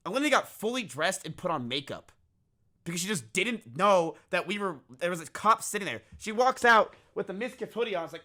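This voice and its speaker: A man's voice: high-pitched, a little fast. A young man streaming, telling a story in casual chat, swearing freely and acting out what people said. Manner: animated, swears freely, acts out quotes.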